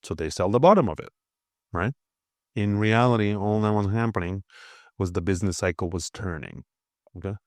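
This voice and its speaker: A man's voice: lowish voice, moderate pace, pauses often, a little mellow, no room sound, studio quality. A man hosting a crypto channel, talking casually over a price chart with a slightly nasal voice, blunt and swearing, often checking in with "okay?".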